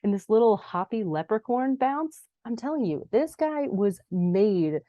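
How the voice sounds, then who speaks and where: A young adult woman casually recapping a TV episode, chatty, bursting into higher voices for quoted lines. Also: expressive, unhurried, no room sound, muffled recording. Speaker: podcast host recapping a TV episode.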